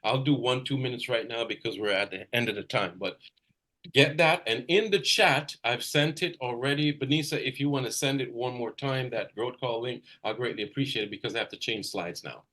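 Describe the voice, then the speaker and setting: A man's voice: mid-range voice, fairly quick, fairly bright tone. A man coaching real estate agents in a live video session, talking energetically with emphatic bursts and repeating his points. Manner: repeats points for emphasis, direct address to a trainee.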